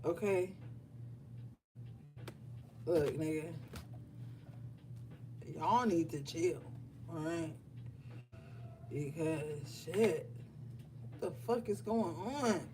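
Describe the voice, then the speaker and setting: A tarot reader on a casual livestream speaks in a medium-pitched voice, blunt and full of profanity, scolding her viewers in an animated way and laughing often. Faint music plays behind her, with a little hiss or hum.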